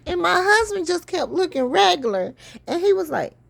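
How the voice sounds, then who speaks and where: A woman's voice: very high-pitched, very animated, normal speed, creaky, a bit bright. A woman, telling a story to her viewers in a casual, profane vlog. She keeps breaking into helpless laughter and is teary-eyed from it. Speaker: vlogger.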